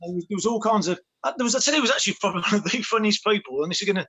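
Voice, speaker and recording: A man with a fairly high voice talks quickly as a guest. He rambles cheerfully, restarting his sentences and padding them with fillers. It all sounds like a loose, casual call. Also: fairly bright tone, breathy edge. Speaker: guest, former footballer. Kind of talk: casual chat.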